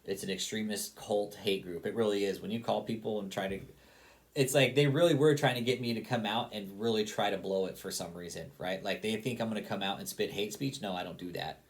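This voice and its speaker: A man with a fairly low voice rants in a casual, heated way, full of swearing. He keeps hammering the same points over and over, as if talking straight to his audience. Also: brisk. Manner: heated, profane, repetitive. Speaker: online commentator. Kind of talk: casual profane rant.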